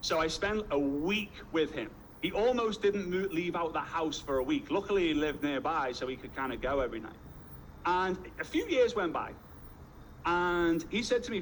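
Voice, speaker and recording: Man, network marketing trainer, high voice, energetic storytelling, faint background noise. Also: normal speed, poor audio. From Liverpool, England. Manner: energetic storyteller, punchy repetition. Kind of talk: motivational talk.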